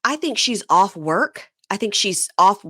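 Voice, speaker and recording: Podcast host, woman, lively swooping delivery, bright dry close sound, acts out quotes. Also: mid-range voice, measured pace, dry recording. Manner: animated retelling with acted-out quotes. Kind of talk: casual recap chat.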